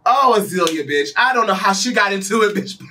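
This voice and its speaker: High, lively, sassy male pop commentator. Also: brisk, recorded from a distance. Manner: sassy, gossipy, laughs often, swears freely. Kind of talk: casual commentary vlog.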